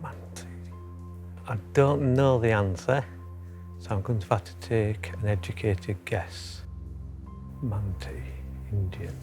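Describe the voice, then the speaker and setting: Slow, careful man. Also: fairly low pitch, over music. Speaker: quiz contestant. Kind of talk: answering quiz questions. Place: TV studio.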